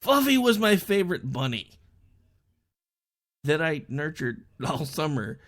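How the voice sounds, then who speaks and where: Slightly high and a bit bright, this young man's voice swings widely in pitch as he speaks at a measured pace with frequent pauses. Hosting an online talk show, he rambles casually through stories and quotes others in loud voices.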